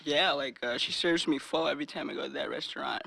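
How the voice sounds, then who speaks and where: A man's voice: on the high side, fast talker, gravelly, bright, forceful tone, a little hiss or hum. A young man telling a crude comic story in a rambling, giggly way with lots of fillers. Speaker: storyteller on a comedy podcast.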